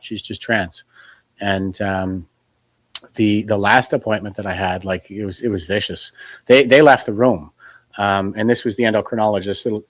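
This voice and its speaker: A man from Canada speaks as an interview guest, with a fairly low voice recorded dry and close. He talks earnestly and retells conversations in his own words. He often restarts his sentences. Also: dry recording. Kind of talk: casual interview talk.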